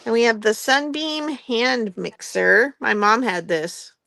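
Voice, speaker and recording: Gravelly bright-voiced woman, slow chat. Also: on the high side, lively intonation, dry recording. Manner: chatty, laughs often, trails off and restarts. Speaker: host running a live craft-supply sale. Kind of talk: casual live sale chat. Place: indoor shop with construction noise nearby.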